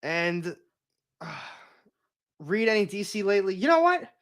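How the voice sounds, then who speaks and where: A man's voice: sits high, sing-song, unhurried, fairly bright tone. Opinionated young man on a livestream. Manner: rambling, opinionated, with frequent restarts. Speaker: comics YouTuber hosting a livestream. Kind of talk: casual livestream chat.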